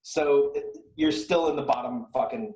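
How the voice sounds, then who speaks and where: A man's voice: fairly high pitch, unhurried, mellow, roomy sound, rough recording. A man co-hosting a music podcast, ranting sarcastically and swearing freely in casual chat. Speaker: podcast co-host.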